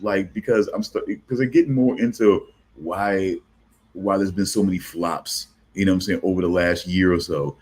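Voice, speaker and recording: A man's voice: low voice, steady tone, normal speed, darkish tone, breathy edge. A man in a casual chat who rambles loosely with many fillers.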